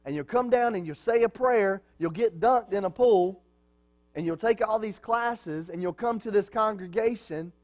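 A pastor in the pulpit preaches to his congregation in a fairly high-pitched voice with a darkish tone, at a moderate pace. He keeps it conversational, posing rhetorical questions and answering them himself.

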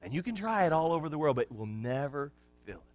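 A fast-talking male pastor preaches in a folksy way, joking with his congregation and swinging between hushed lows and excited shouts.

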